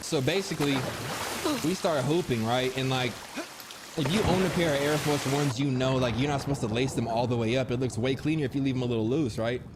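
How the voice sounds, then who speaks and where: A man's voice: medium pitch, brisk, noisy background. A young man telling funny personal stories in a casual, slangy way, acting out what people said. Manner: animated, slangy, acts out quotes. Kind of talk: casual storytelling.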